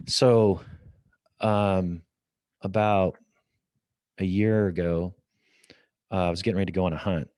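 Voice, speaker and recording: Middle-aged guy with a real low voice, tells stories on a podcast, acts out the back-and-forth, dry close sound. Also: unhurried, pauses often, no echo. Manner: lively storyteller, acts out quoted dialogue. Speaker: guest. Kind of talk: storytelling in a podcast interview. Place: office at company headquarters.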